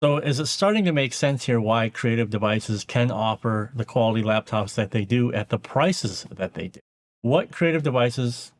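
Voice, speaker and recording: A man hosting his own channel, telling a casual story to camera and muttering his inner thoughts aloud, with loose fillers and the odd swear word. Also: mid-range voice. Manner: conversational, acts out inner thoughts in a muttered aside voice. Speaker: audio engineer and YouTube host.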